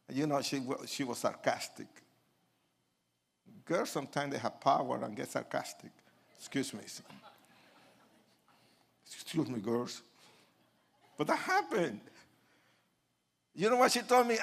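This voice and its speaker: An older man with a Puerto Rican Spanish accent, a native Spanish speaker, telling his testimony as a preacher, animated, acting out quotes and moving from soft asides to shouting. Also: mid-range voice, measured pace, gravelly, pauses often, husky. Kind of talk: sermon testimony storytelling.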